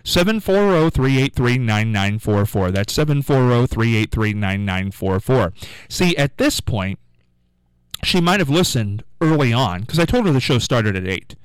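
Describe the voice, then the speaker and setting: Man, radio talk host, casual rambling chat, lively pitch, dry close sound. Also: normal speed, clear, resonant tone, dry recording, poor audio. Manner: chatty, rambling, repeats himself.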